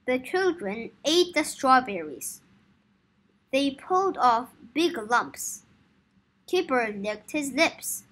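A woman reading a children's story aloud for English learners, slow, clear and careful. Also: high voice, sing-song, fairly bright tone.

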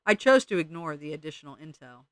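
A man reading a novel aloud as an audiobook narrator, in a wry, deadpan way. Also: on the high side, fast talker, smooth, no echo. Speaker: audiobook reader.

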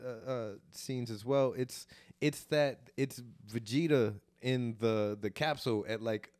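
A man's voice: medium pitch, a little slow, a little mellow, no room sound, clean studio sound. A man from Chicago, a comedian hosting a podcast, chatting casually in a rambling, profane way. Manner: rambling and profane, with lots of restarts.

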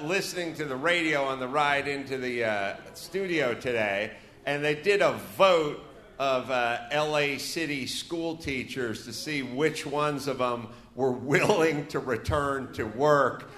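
A man's voice: a little high, measured pace, sharp tone. A man from North Hollywood hosting a live comedy podcast on stage, ranting and joking crudely. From North Hollywood, California. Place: live venue stage with audience. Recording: echoey live venue sound.

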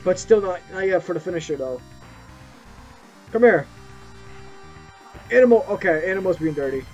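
A young man giving excited gameplay commentary, yelping and swearing as he plays. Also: sits high, moderate pace. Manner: excitable, yelps and swears at the game. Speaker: gameplay streamer. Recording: muffled lo-fi mic with game music.

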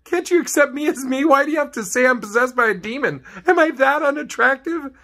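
A man's voice: very high voice, animated, fairly quick, bright, forceful tone, pitched above the performer's own voice, heavily acted. A man voicing a sad, lonely possessed girl doll who whines and pleads to be loved. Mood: whiny pleading. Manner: whiny, pleading, self-pitying.

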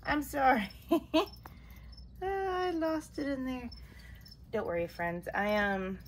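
A woman's voice: sits high, slow, a little hiss or hum. A woman hosting a casual vlog about her pet tarantulas, chatty and gushing as she talks to her spiders, with trailing fillers. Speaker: tarantula keeper vlogger.

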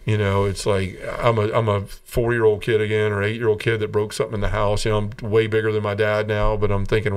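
A man's voice: on the low side, little pitch movement, a little fast, clean tone. Earnest man telling his story, slightly distant. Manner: earnest storytelling, restarts, quiet when quoting others. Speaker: podcast guest. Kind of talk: personal testimony in conversation.

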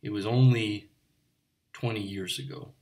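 A man's voice: on the low side, steady tone, a little slow, darkish tone, lightly acted. A man voicing an eccentric, pedantic bartender in a comic monologue, rambling and digressive with chatty asides to the listener. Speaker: bartender character. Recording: voice a bit far from the mic.

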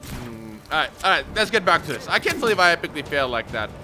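A young man hosting a gaming channel, giving excitable let's play commentary with loud whoops and shouts. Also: fairly high pitch, fast talker. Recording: game music playing underneath.

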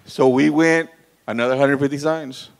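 A man's voice: medium pitch, fairly even intonation, normal speed, creaky. A man telling a profane, rambling story to a live audience at an event, repeating words and laughing at his own tale. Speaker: guest speaker at a real estate event.

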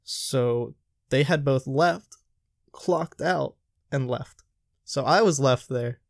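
Young guy telling restaurant job stories, gets animated doing the voices, dry close sound. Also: medium pitch, slow, vocal fry, no echo. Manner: animated retelling, acts out quoted lines. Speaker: podcast host telling work stories. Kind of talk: casual storytelling chat.

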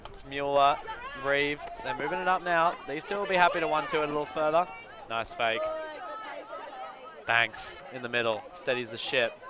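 A man giving live play-by-play commentary at an outdoor sports field, breaking into excited exclamations on big plays. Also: on the high side, normal speed. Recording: crowd noise from an outdoor field.

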